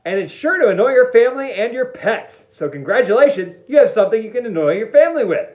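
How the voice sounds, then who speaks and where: Playful man with a lively, high-ish voice. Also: quick pace, few pauses. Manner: playful and jokey, demonstrating step by step. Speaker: band teacher. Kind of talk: online music lesson. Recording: echoey room, dull lo-fi sound.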